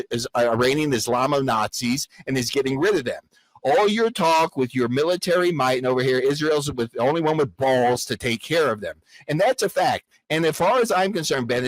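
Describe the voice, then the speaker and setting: A man's voice: fairly high pitch, dry recording, low-quality recording. A man arguing aggressively on a livestream, talking over his opponent. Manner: aggressive, shouting over the other speaker. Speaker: debater on a livestream. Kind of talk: heated livestream argument.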